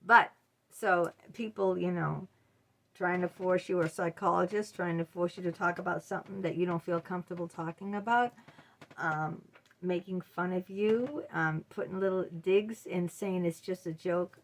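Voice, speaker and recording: A woman's voice: lowish voice, steady tone, normal speed. A middle-aged woman talking straight to her viewers in a casual advice monologue, blunt and emphatic. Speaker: vlogger.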